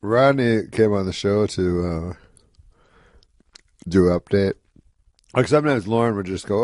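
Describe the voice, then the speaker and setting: A comedian telling a rambling anecdote on a talk show, deadpan and full of "you know" and "uh". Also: male voice, fairly low pitch, normal speed, long pauses, no echo, clean studio sound. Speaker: comedian guest.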